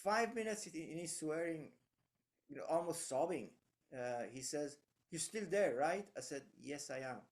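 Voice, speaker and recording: A man's voice: fairly high pitch, normal speed. A man giving leadership advice in casual conversation, reflective and anecdotal, with frequent fillers and restarts.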